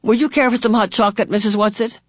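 A man reading aloud, voicing a kind middle-aged mother who speaks in a gentle, courteous, hospitable way. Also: high voice, fairly even intonation, fast, no room sound, clean studio sound, voice pushed up. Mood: polite.

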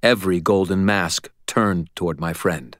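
A man narrating a first-person audiobook in a steady, dramatic way, recorded close on a studio mic. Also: low-pitched, moderate pace, no echo.

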